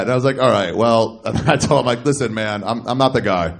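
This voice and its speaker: A man's voice: medium pitch, lively intonation, fast talker, gravelly. A man in his thirties telling a stand-up story on a club stage into a handheld mic, acting out both sides of phone calls in raised voices. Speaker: stand-up comedian.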